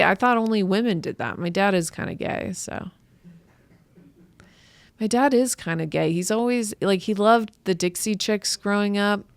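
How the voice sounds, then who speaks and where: Slow, gravelly woman in her thirties. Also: fairly low pitch, dry recording. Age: 30s. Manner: rambling, halting, with frequent restarts and fillers. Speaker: podcast host and stand-up comedian. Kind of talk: casual solo podcast monologue.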